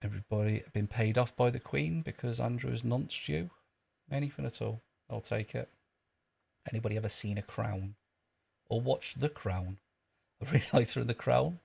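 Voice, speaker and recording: A man's voice: medium pitch, normal speed, creaky, a little mellow, slightly rough. A man chatting dryly and sarcastically on a live stream from an outdoor queue. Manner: dry, sardonic, joking. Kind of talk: casual live-stream chat.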